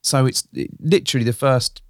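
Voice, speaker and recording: A man's voice: mid-range voice, a little fast, no room sound, clean studio sound. A man co-hosting a podcast, telling a story in a rambling, casual way and hedging with "sort of". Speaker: podcast co-host. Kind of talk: casual chat.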